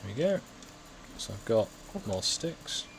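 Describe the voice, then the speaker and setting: A man's voice: lowish voice, big pitch swings, unhurried, creaky, a little hiss or hum. A man from the West Midlands with a Midlands accent, casually chatting and thinking aloud while he builds in a game, often poking fun at himself. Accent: English Midlands. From England, West Midlands. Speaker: gaming video host. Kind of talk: casual gameplay chat.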